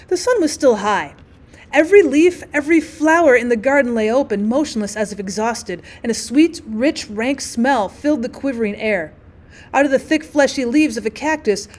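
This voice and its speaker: A slightly high-voiced woman reads a classic short story aloud for her students. She voices the dialogue expressively, with an occasional slip and restart. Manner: expressive, voices the dialogue with small pitch shifts. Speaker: teacher reading aloud.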